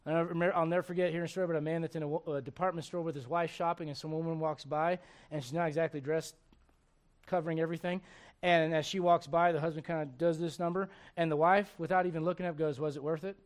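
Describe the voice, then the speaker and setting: A man's voice: fairly high pitch, fairly even intonation, quick pace. A male pastor preaching a sermon with emphatic storytelling and direct questions to the congregation.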